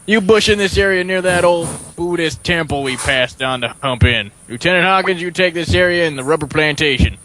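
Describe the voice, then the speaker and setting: A gruff army captain with a Southern US drawl barks out his orders, as a man puts him on. The voice sits up high and comes out bright and forceful, in the style of a loose group read-through. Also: fairly quick, few pauses, slight background noise. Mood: commanding. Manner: barking orders.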